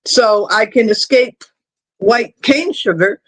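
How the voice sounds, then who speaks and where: High-voiced man telling rambling stories. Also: animated, slow, no echo. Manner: rambling anecdotal storytelling. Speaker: stream host. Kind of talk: casual chat on a live stream.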